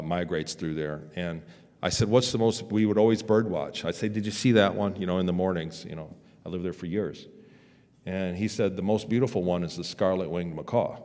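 A man's voice: sits low, darkish tone. A man speaking at a conference, telling a personal story in a rambling, candid way with restarts and casual swearing. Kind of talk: storytelling talk. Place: conference hall. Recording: long hall reverb.

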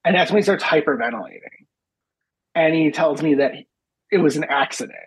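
Husky-voiced man telling a wild story. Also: on the high side, fairly quick, no echo, rough recording. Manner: profane, animated retelling with quoted dialogue. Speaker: podcast co-host. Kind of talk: casual comedic storytelling.

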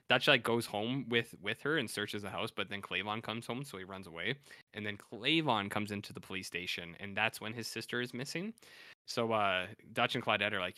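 A male podcast host chats loosely through an episode recap, often stopping to correct himself and cursing freely. His voice sits a little low but has a bright, forceful edge. The sound is dry and close to the mic. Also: a little fast, dry recording. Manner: rambling, self-correcting, profane. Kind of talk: casual chat recapping TV episodes.

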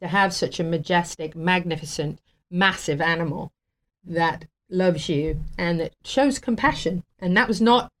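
A woman's voice: fairly low pitch, unhurried. A woman guest on a talk show, telling a heartfelt story casually, with fillers and laughter. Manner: warm and emotional, laughs often, many fillers.

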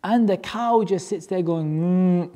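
A religious teacher tells a story to a class in an animated, joking way. The voice sits in a middle pitch and keeps firing rhetorical questions. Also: slow pace.

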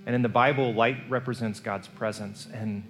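A male pastor preaching a sermon, telling the story earnestly and moving between hushed and emphatic delivery. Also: medium pitch, steady tone, normal speed. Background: soft guitar music.

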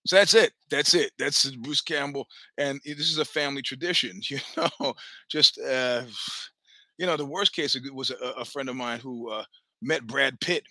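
A middle-aged man telling profane, animated stories in casual chat, acting out the voices he quotes. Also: medium pitch, moderate pace, no echo. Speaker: podcast host telling stories. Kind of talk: casual storytelling.

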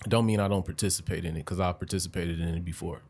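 A man's voice: deep voice, fairly even intonation, fast talker, a little mellow. A man co-hosting a podcast, talking bluntly and profanely with laughs between his points. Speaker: podcast co-host. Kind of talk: casual podcast chat.

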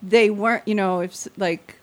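A woman's voice: medium pitch, steady tone, normal speed. A middle-aged woman speaks as a podcast guest in a chatty, storytelling way. She slips into little voices for the people she quotes and laughs as she goes.

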